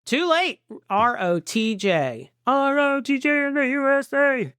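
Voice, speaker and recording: A man's voice: very high voice, animated, measured pace, sharp tone, no room sound. A man co-hosting a podcast in casual chat, goofy and riffing, scatting nonsense syllables. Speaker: podcast co-host.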